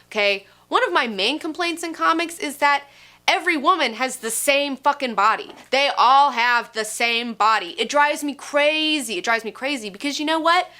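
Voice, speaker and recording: A young woman ranting enthusiastically about a comic, gushing and swearing, full of "like" and fast asides. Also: on the high side, sharp tone. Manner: gushing, profane, lots of "like". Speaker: comic book reviewer. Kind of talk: excited solo review rant.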